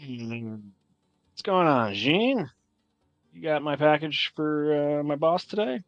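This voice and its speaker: A man's voice: fairly high pitch, animated, slow pace, no room sound, lo-fi sound, pitched above the performer's own voice. A man voicing a brash, confident male halfling tradesman who talks in a breezy, pushy way. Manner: breezy, pushy, sizing people up.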